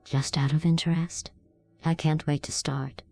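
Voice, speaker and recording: A synthesized woman's voice playing a cold, sarcastic female AI computer, flat and sardonic in delivery. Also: sits low, unhurried, vocal fry, no room sound, full character voice.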